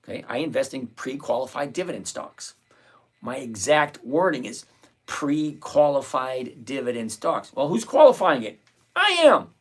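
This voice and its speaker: A man's voice: a little high, a bit bright. A man hosting a live trading stream, answering chat and repeating his points emphatically. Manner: emphatic, repeats key phrases, lectures; reads viewer comments aloud. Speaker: livestream trading host.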